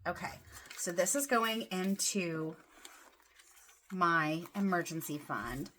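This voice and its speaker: Excitable woman counting cash. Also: on the low side, takes it slowly, slight background noise. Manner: excitable, counts money aloud softly then gushes. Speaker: budgeting vlogger. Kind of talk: casual vlog, counting cash. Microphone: desk camera mic, off-camera voice.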